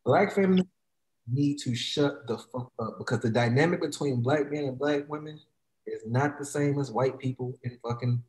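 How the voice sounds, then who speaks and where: A man's voice: medium pitch, normal speed, a little mellow, reverberant. A man in heated, profane podcast talk, mocking others in quoted voices.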